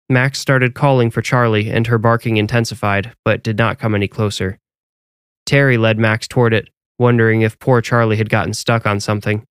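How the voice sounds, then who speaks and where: Guy reading a creepy story, calm and even, low smooth voice, totally dry. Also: brisk, no echo. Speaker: narrator. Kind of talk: scripted horror story narration.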